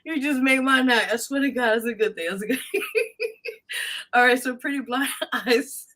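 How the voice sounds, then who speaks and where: A woman's voice: high-pitched, expressive, moderate pace, a bit bright, slight background noise. A woman hosting a live radio show, reading out viewers' comments and laughing a lot. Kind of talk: casual live show chat.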